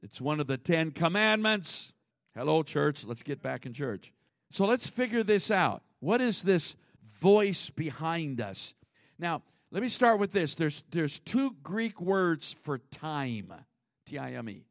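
A man preaching a sermon as pastor, conversational, with sudden swings between loud emphasis and hushed asides. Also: fairly high pitch, big pitch swings, slow pace, no echo, studio quality.

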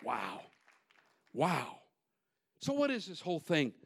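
A male pastor preaching a sermon, folksy and repetitive, swinging from shouted peaks to low joking asides. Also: huge pitch swings, takes it slowly, creaky, slightly rough, a faint crowd. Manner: folksy, repetitive, call-and-response.

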